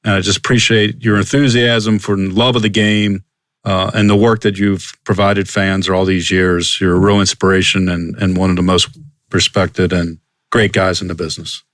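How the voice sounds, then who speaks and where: A man with a fairly low voice hosts the podcast in a measured, reflective manner. The recording is dry and close, and he sounds sincerely appreciative. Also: level tone, fairly bright tone, no echo. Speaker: podcast host. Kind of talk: casual interview.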